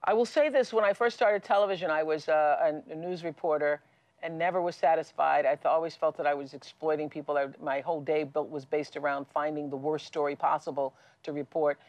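A middle-aged woman hosting a studio talk show, telling stories in a lively way with frequent restarts. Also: sits low, fairly quick, no echo. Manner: lively and storytelling, with many restarts and laughs. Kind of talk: studio conversation with a guest. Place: television studio.

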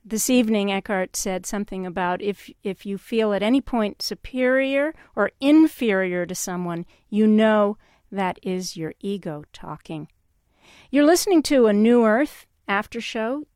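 A woman hosting a call-in radio show, speaking in a calm and reflective way and telling stories. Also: medium pitch, unhurried, clean tone, dry recording, clean studio sound.

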